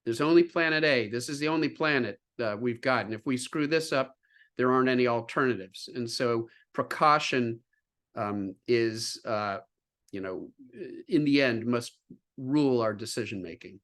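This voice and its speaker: An earnest man explains science in an interview over a video call. He talks at a middling pitch for a man and often stops on fillers and restarts while finding his words. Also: normal speed, a bit bright. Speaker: guest scientist.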